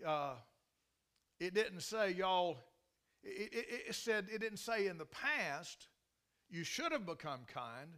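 A man's voice: high voice, bright, forceful tone. A man preaching a sermon in a folksy, emphatic way, often restarting his sentences. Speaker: pastor.

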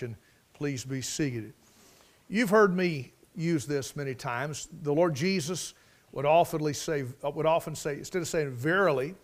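Pastor, male, higher-pitched voice, emphatic repetitive sermon delivery. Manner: preaching with rising emphasis and repetition; prayerful, lowered voice in prayer.

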